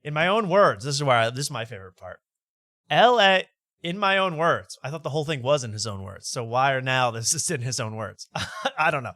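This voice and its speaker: Bright, mocking talk show host. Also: male voice, mid-range voice, lively intonation, fast talker, no echo, clean studio sound. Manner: mocking, laughing, reads posts aloud. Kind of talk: late-night comedy talk show.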